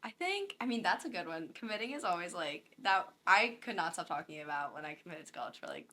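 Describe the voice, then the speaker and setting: A young woman, a college athlete guest, chatting in a relaxed way with many fillers. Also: lowish voice, fast talker. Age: young adult. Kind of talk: casual interview chat.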